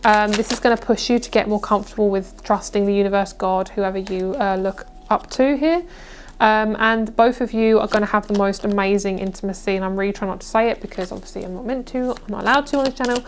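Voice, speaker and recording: A woman's voice: mid-range voice, quick pace, a little hiss or hum. A young woman giving a casual, reassuring tarot reading, chatty and full of fillers. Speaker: tarot reader.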